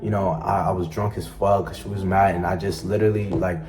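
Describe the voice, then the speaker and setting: A man explaining himself to the camera about past allegations, rambling and halting as he reflects. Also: deep voice, steady tone. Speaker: content creator responding to allegations.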